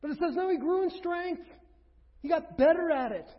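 A pastor preaching a sermon, emphatic, with rhetorical questions, swinging between loud and hushed. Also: male voice, very high-pitched, moderate pace. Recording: reverberant hall, dull lo-fi sound.

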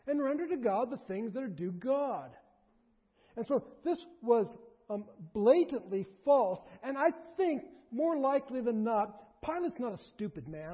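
A man preaching a sermon in an animated way, surging to emphatic bursts and dropping low, recorded in a large hall. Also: breathy edge. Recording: dull lo-fi recording in a reverberant hall.

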